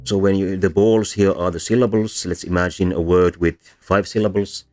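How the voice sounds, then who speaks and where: Deep-voiced man lecturing with hesitant pauses. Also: darkish tone. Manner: hesitant, many ums and self-corrections. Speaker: language teacher. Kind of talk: explanatory lecture while drawing.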